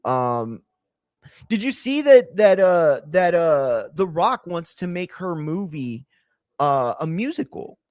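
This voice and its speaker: A young man chats casually during a wrestling watch-along, rambling with plenty of fillers and casual swearing. His voice is a little high and a little mellow, with big pitch swings and a slow pace. The studio sound is clean, with no room sound.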